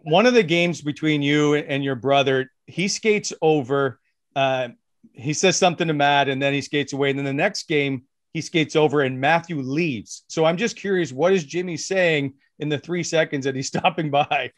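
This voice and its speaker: A male podcast co-host asking curious questions casually, chuckling and pausing with "uh". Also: on the high side, dry recording, clean studio sound. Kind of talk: casual interview chat.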